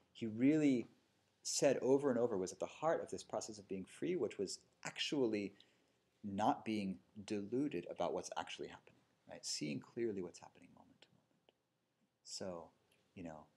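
A man's voice: fairly low pitch, darkish tone, husky. A man meditation teacher giving a casual dharma talk in a yoga studio, telling stories and checking in with "right?" and "you know". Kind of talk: dharma talk to a live group. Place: yoga studio with a seated audience.

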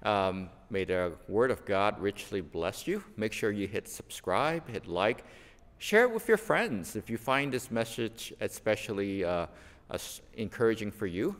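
A man, a pastor, preaching a sermon built on light stories, unhurried and telling them with lively quoted voices. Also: on the low side, big-room sound. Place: church sanctuary.

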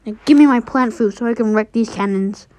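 A young woman giving casual, excitable gameplay commentary, trash-talking and trailing off into mutters. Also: on the high side, brisk, a little hiss or hum. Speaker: game streamer.

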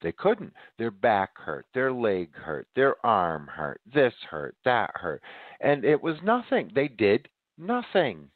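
A man's voice: mid-range voice, wildly swooping pitch, takes it slowly, dry recording, phone-quality sound. A man hosting a podcast, preaching emphatically to his listeners and sounding winded. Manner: emphatic, addresses listeners as ladies and gentlemen. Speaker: podcast host. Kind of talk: preaching monologue.

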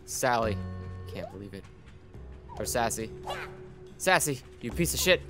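A man's voice: medium pitch, animated, slow pace, pauses often. Young guy doing let's play commentary, jokey and sarcastic, game music going. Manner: playful, sarcastic, talks to the characters. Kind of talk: casual gameplay commentary.

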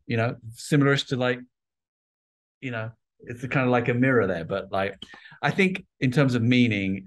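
A middle-aged man telling stories in a casual interview chat, acting out voices from his childhood. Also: fairly low pitch. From England. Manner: animated storyteller, acts out childhood voices. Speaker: guest artist.

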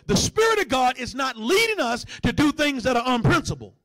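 High-pitched black preacher, chatty then suddenly loud and soaring, growls like a dog sometimes. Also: male voice, sing-song, a little fast. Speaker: pastor. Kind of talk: sermon.

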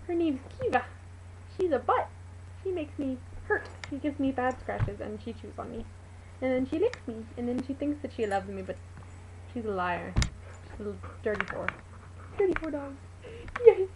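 A woman's voice: high-pitched, noisy background. A woman vlogging to her webcam at home, rambling and chatty, exasperated with her pet. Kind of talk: casual talk to a webcam.

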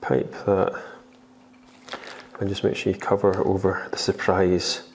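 A Scottish man with a fairly low voice talks through a baking recipe in a chatty, joking way. He is recorded in a kitchen, and steady background noise and clicking sounds are clearly heard behind him. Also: measured pace. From Scotland. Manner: chatty and jokey, with fillers. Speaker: baking instructor. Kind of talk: casual cooking tutorial.

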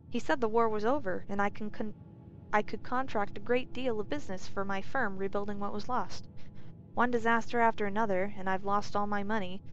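A woman's voice: medium pitch, lightly acted. A woman reading as a nervous Imperial man. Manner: nervous, worried. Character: anxious, stranded male Imperial builder. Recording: dull lo-fi recording, faint music.

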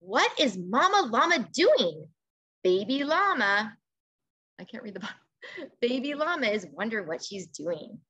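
A woman teacher reading a picture book aloud to children over a video call, expressive and coaxing, pausing to ask questions. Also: a little high, breathy edge.

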